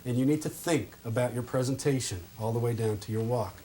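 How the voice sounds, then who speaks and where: A man running a live workshop on interview skills, speaking in an ordinary mid-range voice. He is animated and folksy, acts out little scenes for his listeners and checks with them after nearly every point. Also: mid-range voice, brisk, slight background noise. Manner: lively and interactive, checks in with "okay?" constantly. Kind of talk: live workshop talk with role-play demonstrations.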